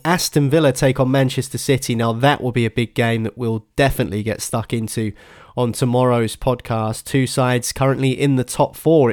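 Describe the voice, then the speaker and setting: A man hosts a football podcast in a smooth, clear voice. The sound is dry and close to the mic, and he reads out fixtures in a steady, brisk way. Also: medium pitch, no echo. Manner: steady, brisk presenter delivery. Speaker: podcast host. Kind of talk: sports podcast hosting.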